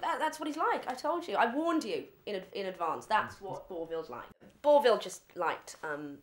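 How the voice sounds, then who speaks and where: A woman's voice: medium pitch, lively intonation, moderate pace, a little hiss or hum. An English woman appearing as a guest on a spoof talk show, heated and indignant as she swears about a relative.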